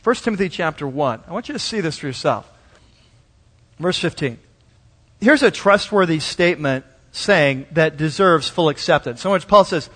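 Pastor, man, high voice, chatty and animated sermon delivery, recorded live with long church-hall reverb. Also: moderate pace. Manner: conversational and animated, acts out quoted voices.

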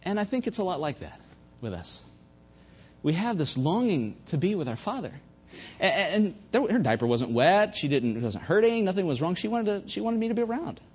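Male pastor, fervent sermon, husky voice, lively rising and falling pitch, dull lo-fi recording. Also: fairly quick. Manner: fervent preaching with sudden quiet asides. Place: church service.

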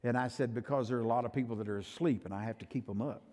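An older male pastor preaching a sermon, emphatic and swinging from loud to soft, in a church sanctuary. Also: medium pitch, racing. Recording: reverberant church hall.

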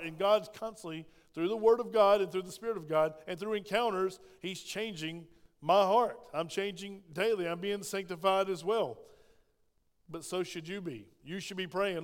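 A man's voice: sits high, normal speed, clean tone. An older man preaching a sermon in a church, emphatic and asking the congregation questions. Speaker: pastor. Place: church sanctuary. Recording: echoey church hall reverb.

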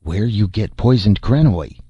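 A brutish, suspicious slaver chief, as a male narrator puts him on for an audiobook, barking short broken phrases. The voice is deep, dark and husky. The recording is dry and a little muffled. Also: big pitch swings, unhurried, no room sound, heavily acted. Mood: gruff. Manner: broken clipped speech, blustering. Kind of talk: audiobook character voice.

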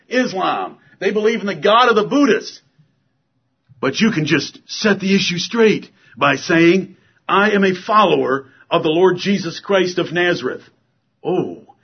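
Husky high-voiced preaching man. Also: highs cut off. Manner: forceful, repetitive preaching cadence. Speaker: pastor. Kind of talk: sermon. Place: church.

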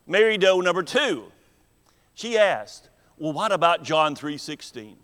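A man preaching a sermon in a church, earnest and deliberate, with emphatic pauses. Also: on the high side, sing-song, fairly bright tone. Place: church sanctuary. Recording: long hall reverb in a church.

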